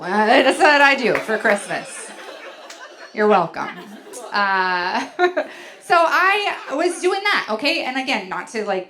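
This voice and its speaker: A woman's voice: medium pitch, a bit bright. A woman comedian doing a bawdy stand-up set on a club stage, storytelling with lots of "like" fillers. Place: comedy club stage before a laughing audience.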